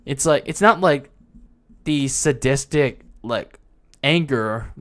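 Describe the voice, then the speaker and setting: A man's voice: mid-range voice, slow pace, fairly bright tone. A young man hosting a wrestling podcast alone, talking casually in a frustrated, rambling way with many restarts and fillers. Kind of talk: casual solo commentary.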